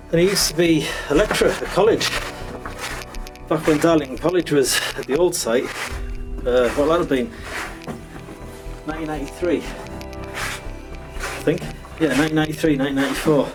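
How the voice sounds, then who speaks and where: A man's voice: on the high side, moderate pace, long pauses, poor audio. A man, chatting wryly and mocking himself as he explores underground mine passages, recorded on a camera mic. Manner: chatty, wry, self-mocking. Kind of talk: casual narration while exploring. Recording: music playing under the voice.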